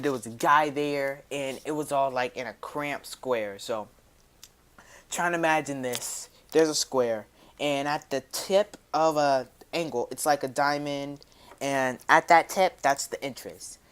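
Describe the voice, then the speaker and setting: A man telling a personal story to his viewers in a casual, slangy, rambling way, dropping his voice low for quoted asides. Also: a little slow, a bit bright, clear, resonant tone.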